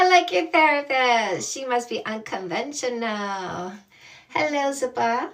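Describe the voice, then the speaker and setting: A woman's voice: high-pitched, lively intonation, takes it slowly, a bit bright, recorded from a distance. A woman from Canada, a dating coach, chatting casually and bubbly with viewers on a livestream, often laughing.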